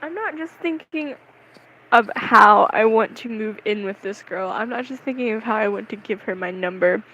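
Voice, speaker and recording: Excitable rambling woman vlogger. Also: mid-range voice, normal speed, muffled recording, slight background noise. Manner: rambling, excitable, self-mocking. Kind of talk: casual storytelling to camera.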